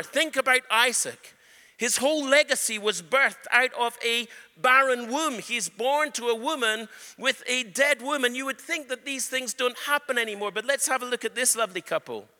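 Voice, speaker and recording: A man preaching a sermon, telling an animated story and joking with his congregation. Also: extremely high pitch, normal speed. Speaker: pastor. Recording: echoey hall reverb.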